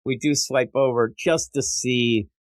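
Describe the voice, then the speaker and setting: A man co-hosting a casual comic book review podcast, animated and acting out characters' lines in quick voices. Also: medium pitch, no echo. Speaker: podcast co-host.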